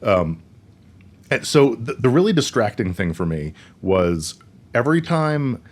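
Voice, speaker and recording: A man co-hosting a casual movie-review podcast, speaking in a halting, think-aloud way, recorded in a small room with his co-host. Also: mid-range voice, big pitch swings.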